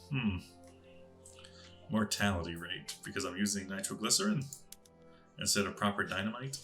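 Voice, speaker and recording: A man's voice: fairly low pitch, sharp tone. A man casually thinking aloud as he plays a strategy game, musing to himself as he clicks through menus. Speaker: gaming channel host.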